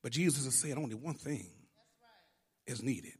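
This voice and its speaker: A male pastor preaching a sermon, swinging from hushed lines to shouting and half-singing. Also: medium pitch, expressive, normal speed, breathy edge.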